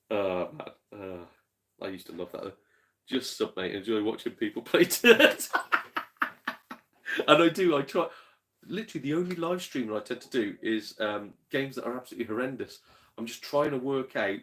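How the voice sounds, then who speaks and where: A man's voice: medium pitch, expressive, fairly quick, a bit bright. A man with a Yorkshire accent hosting a casual gaming livestream, chatting and reading out viewer comments, swearing freely and laughing often.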